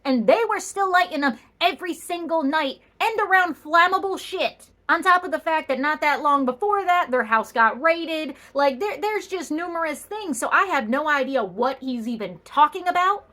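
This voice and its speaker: A woman's voice: high voice, lively intonation, moderate pace, few pauses, sharp tone. A young adult woman telling a funny story with sassy punchlines and exaggerated asides. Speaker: comedian. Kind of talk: comedic storytelling.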